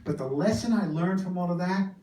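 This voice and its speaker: A man in his fifties telling a comic personal story on stage, theatrical and animated. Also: a little fast, roomy sound, recorded from a distance, a little hiss or hum. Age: 50s. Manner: animated, theatrical, swings into high wails. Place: small performance venue, indoors.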